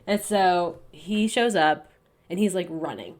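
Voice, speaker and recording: A young woman with a somewhat low-pitched voice recaps a novel for a podcast. She talks loosely and chattily, with plenty of fillers. She slips into quick impressions of the characters as she goes. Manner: chatty, many fillers, acts out characters' lines. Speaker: podcast co-host. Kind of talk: casual book recap chat. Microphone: podcast mic over online call.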